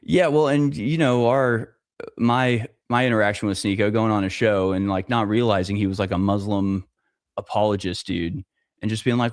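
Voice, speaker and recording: A man with a low, gravelly voice co-hosts a live podcast, tossing in dry, sarcastic quips. The sound is dry and close, with no room around it. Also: a little fast, no room sound. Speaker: podcast co-host. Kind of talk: casual chat.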